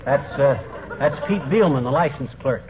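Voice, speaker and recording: An actor playing a boastful, blustering middle-aged husband with pompous speechifying, in a 1940s radio comedy. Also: male voice, mid-range voice, expressive, unhurried, lightly acted. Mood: blustery. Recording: tinny old radio broadcast, faint hiss.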